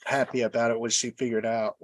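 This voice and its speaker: A man's voice: mid-range voice, level tone, quick pace. A man hosting a casual interview, eagerly praising and prompting his guest like a fan. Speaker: host.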